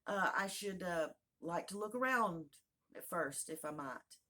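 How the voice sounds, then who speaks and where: A woman doing a polite, gentle little girl. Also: lowish voice, expressive, measured pace, heavily acted. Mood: hesitant. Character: polite, curious young girl. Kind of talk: storybook reading.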